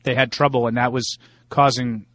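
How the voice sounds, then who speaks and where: A man's voice: medium pitch, little pitch movement, normal speed, a bit bright, dry recording. Middle-aged man, sports radio co-host, emphatic and opinionated, restarts his sentences, dry close sound. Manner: emphatic, opinionated, repeats words when restarting. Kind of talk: casual sports talk.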